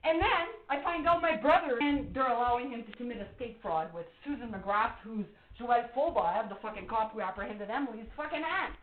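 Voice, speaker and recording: A woman's voice: fairly high pitch, lively intonation, moderate pace. A middle-aged woman on a phone call to police, agitated and accusatory, swearing heavily as she complains. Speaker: caller reporting to police. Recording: muffled phone-call recording.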